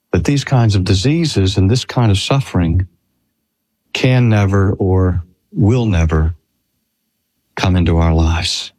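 Older man preaching with lively pitch. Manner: slow, earnest preaching with drawn-out emphasis. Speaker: pastor. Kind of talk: sermon.

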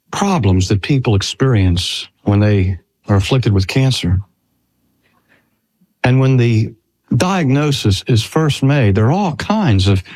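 Older guy preaching, earnest, slow, lots of ups and downs in his voice. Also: medium pitch, darkish tone. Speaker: pastor. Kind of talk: sermon.

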